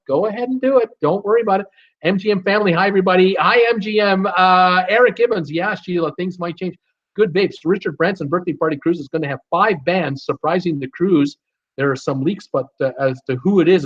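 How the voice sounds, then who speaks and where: A man hosting a live stream, reading viewer comments aloud and answering them in an upbeat way with many fillers. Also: high voice. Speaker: host of a live cruise show. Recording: dull lo-fi stream audio.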